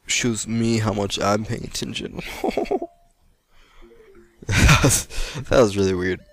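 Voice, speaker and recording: A young American man giving rambling, chatty gameplay commentary and laughing often. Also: fairly low pitch. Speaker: let's play gamer. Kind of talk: post-recorded gameplay commentary.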